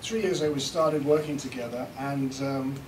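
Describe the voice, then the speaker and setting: A man's voice: medium pitch, normal speed. A British man presenting a live seminar to an audience, chatty and joking as he demonstrates. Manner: chatty, joking, swearing lightly. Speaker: seminar presenter, recording engineer. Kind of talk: live seminar talk and demo. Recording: echoey room from far off, with background noise.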